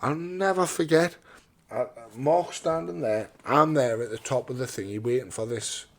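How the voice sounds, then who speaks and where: A man's voice: mid-range voice, normal speed. A young man, a professional boxer, telling his story in an interview, blunt and swearing, repeating words and acting out what others said.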